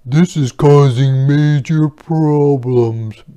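A man voicing an anxious animal friend who calls out loudly for a groundhog, read aloud to children. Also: a little high, extremely slow, clean tone, voice pushed up. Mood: urgent.

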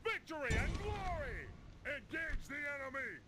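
A man's voice: very high voice, sing-song, unhurried, exaggerated voice. An actor voicing male Roman soldiers and sailors in a strategy game, giving clipped military replies and battle cries. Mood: barking. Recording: noisy game sound effects.

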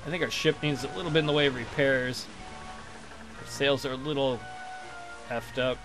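A man's voice: medium pitch, steady tone, moderate pace, music in the background. A young man casually commentating as he plays a game, crude and joking, trash-talking the enemy ships. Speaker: let's play commentator.

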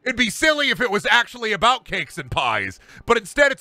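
A man's voice: high voice, big pitch swings, fairly quick, few pauses, pushed and bright, no echo, soft background music. A man streaming a game and ranting casually about wrestling, heated, emphatic and profane. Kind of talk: casual rant while gaming on stream.

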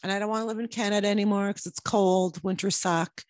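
A woman's voice: medium pitch, fairly even intonation, fast talker, no room sound, studio quality. A woman in her fifties, a midlife mindset coach giving a blunt, profane tough-love pep talk to camera. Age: 50s.

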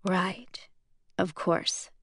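A woman voicing a self-assured young male commander in an audiobook reading, speaking in a calm, amused drawl. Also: lowish voice, drawn-out words, breathy edge, no room sound, studio quality, full character voice. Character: young man, cool, teasing, self-assured military commander.

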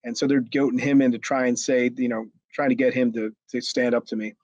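A man's voice: mid-range voice, fairly even intonation, a little fast, darkish tone, no room sound, muffled recording. A man, a former wrestler, telling a long backstage story in a rambling way with many restarts. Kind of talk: storytelling interview.

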